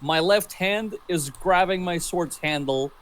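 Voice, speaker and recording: A man playing a tabletop game who talks in a lively, blunt way and swears. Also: high-pitched, measured pace. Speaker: player. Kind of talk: casual game chat.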